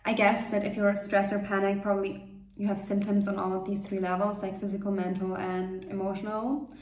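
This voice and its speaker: A woman coach leading a guided meditation, speaking gently and reassuringly in a loose, unscripted way with frequent fillers. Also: mid-range voice, flat delivery, a little fast. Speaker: manifestation coach. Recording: roomy echo.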